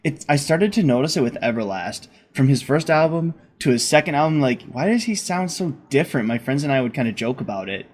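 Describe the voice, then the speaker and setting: A man's voice: mid-range voice, expressive, brisk, few pauses. Male host, casual chat, enthusiastic, talkative, mid-range voice. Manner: enthusiastic and chatty, laughs often. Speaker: podcast host. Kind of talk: casual conversation.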